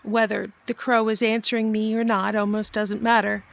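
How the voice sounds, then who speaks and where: A middle-aged woman hosting her own channel, telling a personal story softly and reflectively, laughing now and then. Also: medium pitch, flat delivery, normal speed, vocal fry. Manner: soft, reflective, laughs often. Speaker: vlog host and storyteller. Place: at home near a barn.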